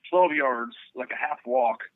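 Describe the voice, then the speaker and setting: A man, a bowhunter guest, telling a hunting story in an excited, casual way. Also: mid-range voice, a little slow, no echo. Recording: phone-like narrow sound.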